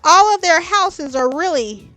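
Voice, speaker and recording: A woman's voice: very high voice, animated, unhurried, a bit bright, no room sound, soft background music. A woman hosting a reaction video, talking chattily and emphatically, repeating "okay?" and calling her viewers "baby". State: tearing up. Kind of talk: casual reaction commentary.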